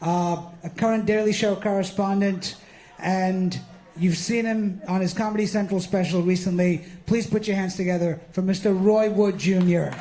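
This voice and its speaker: A man's voice: high voice, steady tone, moderate pace, dark tone, a little hiss or hum. Upbeat man introducing the next act. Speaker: event host. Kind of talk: stage introduction.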